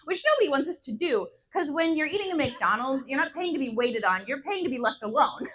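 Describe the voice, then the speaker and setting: A young woman in her teens performing a stand-up set on a bar stage, telling deadpan stories that jump to loud punchlines. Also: high voice, a little fast, rough recording. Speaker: stand-up comedian.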